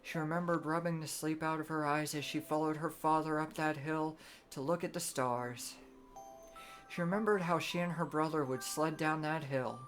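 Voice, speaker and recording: Low-voiced woman reading a bedtime story. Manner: gentle, measured storytelling. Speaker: streamer.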